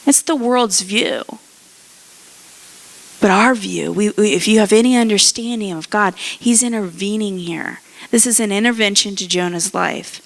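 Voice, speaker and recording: Woman pastor, casual sermon, slow deliberate delivery, acts out voices. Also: medium pitch. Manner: conversational preaching, acts out characters' voices.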